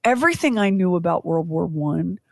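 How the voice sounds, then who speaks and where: A woman's voice: fairly low pitch, lively intonation, moderate pace, creaky, no room sound, clean studio sound. A woman in her fifties hosting a podcast, chatting casually with tangents and self-deprecating humor. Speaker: podcast host.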